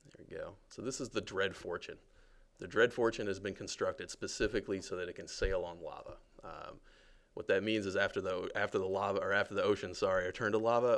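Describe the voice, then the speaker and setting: A man with a deep, gravelly voice gives a casual livestream tour of a game. He talks in a relaxed, joking way, full of fillers and asides to his viewers. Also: brisk. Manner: relaxed, chatty, lots of fillers and jokes.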